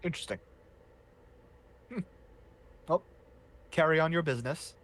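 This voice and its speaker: A man voicing a smug male half-dragon commander who speaks in a soft, measured, musing way and drops his voice low. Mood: dismissive.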